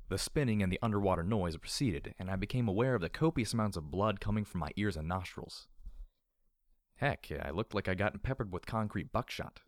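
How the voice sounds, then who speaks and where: A man narrating a first-person story with a wry, lively delivery. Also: lowish voice, a little fast, dry recording, studio quality. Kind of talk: audiobook storytelling.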